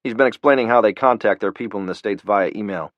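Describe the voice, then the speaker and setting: A male narrator doing a field officer reporting briskly and urgently, a little raised. The recording is dull and dry. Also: fairly low pitch, no echo, lightly acted.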